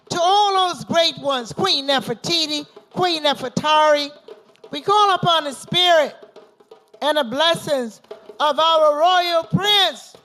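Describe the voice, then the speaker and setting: A woman leads a libation rite in a high, bright voice, chanting slow, drawn-out invocations and repeating the same refrain again and again. Faint music plays softly behind her. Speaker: libation ceremony leader. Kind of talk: ritual invocation with call-and-response. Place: gathering at an institution.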